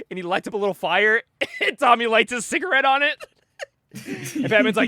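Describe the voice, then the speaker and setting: A young man co-hosting a casual podcast, retelling a comic book story with lively voices for the characters and frequent laughs. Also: very high voice, fairly quick, no echo, studio quality. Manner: animated retelling, acting out characters' lines with laughs. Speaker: podcast co-host.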